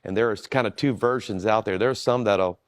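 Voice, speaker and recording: Dry, low-voiced pastor telling a story. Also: male voice, a little fast, no echo. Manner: relaxed, self-deprecating, with frequent restarts. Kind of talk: storytelling in a conversation.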